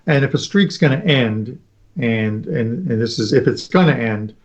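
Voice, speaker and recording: A man talking sports bets as a panelist, halting with many restarts and fillers. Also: medium pitch, animated, dull audio. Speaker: panelist handicapper. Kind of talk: casual sports betting analysis.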